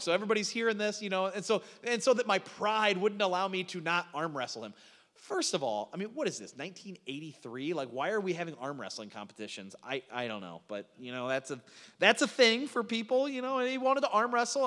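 A middle-aged man preaching a sermon as a pastor, telling stories in an animated way with frequent restarts. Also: high-pitched, quick pace. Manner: animated storytelling with repeated restarts. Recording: long reverb of a large hall.

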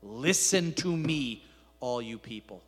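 A man's voice: mid-range voice, animated, slow pace, a bit bright, breathy edge, voice pushed down, full character voice. A man voicing an earnest, stubborn prophet who speaks solemnly, during a sermon retelling. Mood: grave. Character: stubborn honest male prophet, grave. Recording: echoey hall reverb.

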